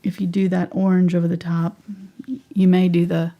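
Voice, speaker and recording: A woman's voice: on the low side, flat delivery, moderate pace, muffled recording. A woman teaching a live painting tutorial in a chatty way, thinking aloud and sometimes whispering to herself. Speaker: painting instructor.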